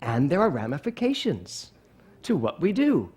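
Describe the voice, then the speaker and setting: Lively, high-voiced male pastor. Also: normal speed, slightly rough. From Philadelphia, USA. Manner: animated, playful, storytelling. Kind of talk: sermon.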